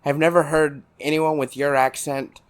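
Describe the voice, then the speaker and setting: Laid-back Texan podcast co-host. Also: male voice, fairly high pitch, level tone, normal speed. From South Texas. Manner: laid-back, meandering anecdotes. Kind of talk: casual chat.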